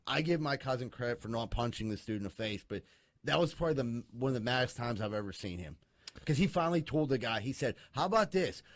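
A man's voice: medium pitch, animated, fast, dry recording. Profane storytelling man, dry sound. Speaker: storyteller among friends. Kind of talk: casual chat.

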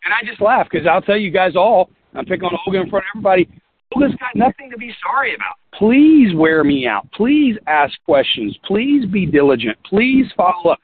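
A man's voice: high-pitched, sing-song, brisk, few pauses, a crowd in the background. A man giving a motivational team talk as a business leader, folksy, earnest and repetitive. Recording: tinny phone-like line.

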